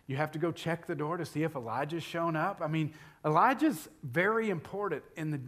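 A middle-aged man preaching a sermon, building loudly on key points and dropping to a whisper for emphasis. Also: fairly high pitch. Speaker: pastor.

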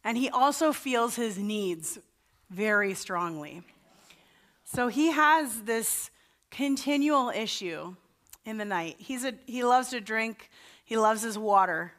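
A woman's voice: on the high side, animated, slow, fairly bright tone. A woman pastor giving a sermon in a chatty, story-telling way, with self-deprecating asides.

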